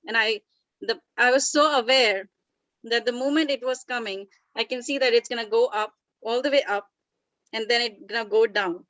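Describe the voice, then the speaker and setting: Female session leader, earnest and chatty, slightly high, dry close recording. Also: normal speed, a bit bright, no echo, highs cut off. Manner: earnest, chatty, frequent restarts. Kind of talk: casual storytelling talk.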